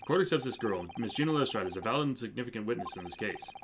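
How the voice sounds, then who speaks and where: A man's voice: mid-range voice, animated, racing, background noise, close to an everyday voice. A man voicing a formal older male judge presiding over a courtroom in a video game, with a commanding way of talking. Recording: game music behind.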